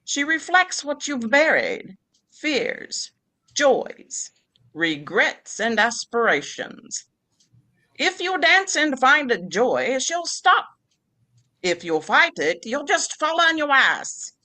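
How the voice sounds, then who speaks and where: A woman's voice: high-pitched, sing-song, slow, pushed and bright, pitched above the performer's own voice, exaggerated voice. A woman putting on a wry, stern old granny. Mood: wry, knowing. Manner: stern and scolding like a cross witch. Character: wry old grandmother writing a farewell letter.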